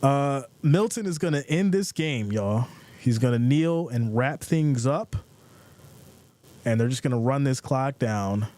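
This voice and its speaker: A man hosting a sports live stream from his desk mic. His voice sits in an ordinary middle pitch, and he talks in an easygoing, chatty way. He reads viewer messages aloud and riffs on them. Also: animated, measured pace, dark tone.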